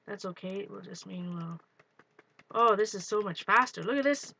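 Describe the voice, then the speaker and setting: A woman hosting a live art stream, chatting excitedly as she works and greets viewers. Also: mid-range voice, moderate pace, creaky, slightly rough. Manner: excitable, talks while working, greets viewers. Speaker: art livestream host. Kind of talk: live crafting demo, chatty.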